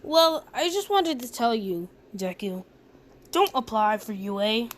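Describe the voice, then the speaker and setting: A woman's voice: on the high side, very animated, unhurried, a little hiss or hum. Woman doing a cocky taunting teen bully. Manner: taunting, slangy. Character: cocky cruel teen boy bully, loud and mocking.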